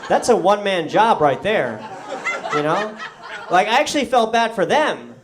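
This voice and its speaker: A young man from the New York area doing a stand-up comedy set, telling a story in a deadpan way with animated quoted voices, on a comedy club stage. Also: sits high, normal speed, background noise.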